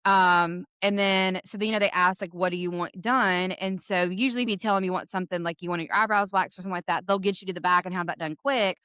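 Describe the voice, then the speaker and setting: A young adult woman, co-hosting a podcast and telling a story in an animated way, often laughing. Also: lowish voice, fast, hardly any pauses, clear, resonant tone, dry recording, studio quality. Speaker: podcast co-host. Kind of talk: casual storytelling chat.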